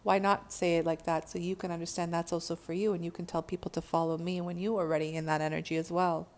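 A woman's voice: on the low side, level tone, fast, darkish tone. Profane, fired-up spiritual woman. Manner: profane, exhortative, laughs at own words. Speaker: spiritual speaker. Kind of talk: casual spiritual monologue.

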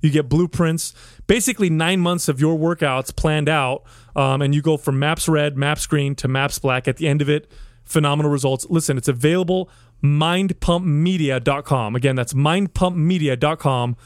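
A man's voice: on the high side, moderate pace, no echo. A man co-hosting a podcast in casual chat, laughing easily as he tells jokey stories on a close studio mic. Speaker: podcast co-host.

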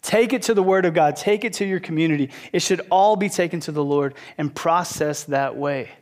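A man in his thirties preaching a sermon, animated, acting out quotes and asides. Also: a little high, a little fast. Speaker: pastor.

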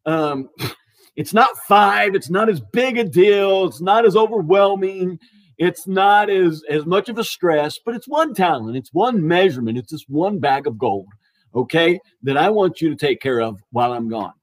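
A man voicing a demanding wealthy master in a retold parable, emphatic and loud in praise and rebuke. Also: high voice, animated, normal speed. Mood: instructing. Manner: emphatic, praising loudly then scolding.

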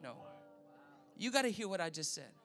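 A Canadian man preaching, telling a testimony in a lively storytelling manner and acting out the people he quotes. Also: high voice, normal speed, soft background music. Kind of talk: sermon testimony.

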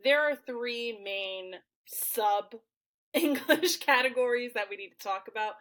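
A woman's voice: on the high side, slow, fairly bright tone, rough recording. A woman co-hosting a podcast, chatting casually and laughing often as she talks. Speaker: podcast co-host.

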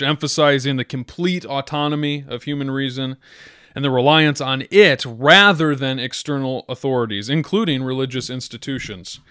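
A man hosts a solo podcast, reading a passage aloud and then building a careful argument against it. His voice sits in an ordinary middle pitch. The recording is dry and close, with no room around it. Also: fairly bright tone, no room sound. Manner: measured, argumentative, with restarts. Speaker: podcast host. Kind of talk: reading and discussing an essay.

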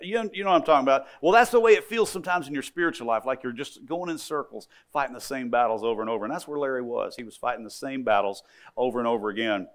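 A man's voice: mid-range voice, quick pace. A middle-aged male pastor preaching a sermon, telling stories, repeating phrases and speaking directly to his congregation as he builds to emphatic points.

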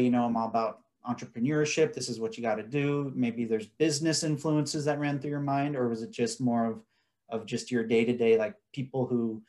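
A man's voice: mid-range voice, a little mellow. A man hosting a podcast interview over a video call, asking long, rambling questions full of fillers.

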